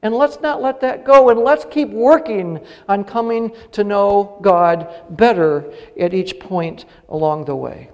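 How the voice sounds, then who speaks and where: A man's voice: high-pitched, unhurried, hardly any pauses, lo-fi sound. A middle-aged male pastor preaching a sermon, earnest and building to emphatic peaks on key phrases. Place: church sanctuary. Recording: long reverb of a church hall.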